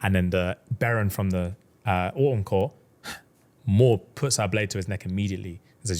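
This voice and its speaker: Young guy recapping a book, low-ish voice, jumps up high doing the girl's lines. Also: moderate pace. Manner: animated storyteller, acts out the characters' lines in a raised voice. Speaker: podcast co-host. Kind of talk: casual chat, retelling a book plot.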